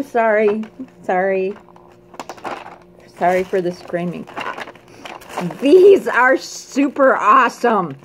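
A woman opening a gift box in a casual unboxing vlog, gushing and excitable, squealing and screaming with delight between quieter asides. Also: fairly high pitch, slight background noise. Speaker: craft vlogger.

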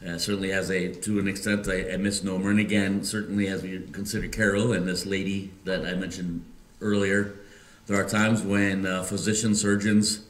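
A Midwestern American man preaching a sermon as pastor, halting often with fillers and restarts. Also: low voice, level tone. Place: church sanctuary. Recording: echoey church room.

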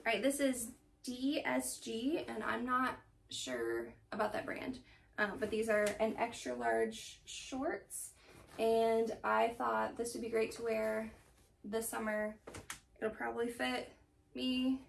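A woman's voice: on the high side, slow, creaky, distant mic, a little hiss or hum. A young woman chatting casually at home about her thrift haul, rambling and laughing often. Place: home room.

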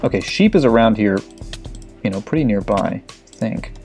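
With soft background music, a young let's play gamer swears frantically while commenting on his video game in a casual way. His lowish, slightly mellow voice is animated and moves at a moderate pace.

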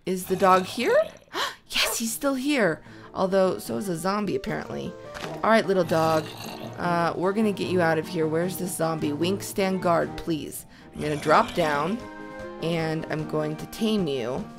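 A young woman hosting a Minecraft let's play, bubbly and excitable, gasping and shrieking at what happens. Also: lowish voice, vocal fry. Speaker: host.

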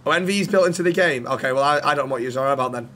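A man's voice: mid-range voice, racing, fairly bright tone. A man streaming a roleplay game, chatting casually with lots of swearing and teasing banter.

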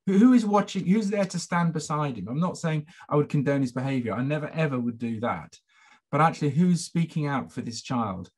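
A man's voice: on the high side, animated, fairly quick, breathy edge. A middle-aged man, a former head teacher, telling a story at a conference in a reflective, hesitant way, full of fillers and repeated words. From England.

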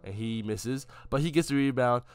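A man's voice: mid-range voice, normal speed, clear, resonant tone, no echo. A young man giving casual, joking play-by-play commentary over his own game footage, hyping a friend and mocking himself.

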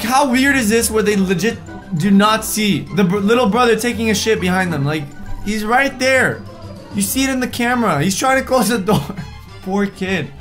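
A young man with a high voice talks casually through a reaction video, cracking jokes and mocking the people in the pictures with put-on voices. Faint music plays quietly behind him. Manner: animated, jokey, puts on mocking voices for people in photos.

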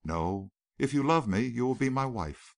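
A man playing a gentle, earnest young war veteran in an audiobook. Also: medium pitch, expressive, moderate pace, vocal fry, no room sound, clean studio sound, voice pushed up.

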